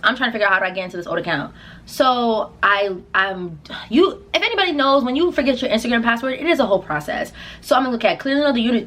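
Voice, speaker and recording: A young woman telling a casual storytime vlog, acting out her own quotes with big jumps in pitch. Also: fairly bright tone. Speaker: singer and vlogger.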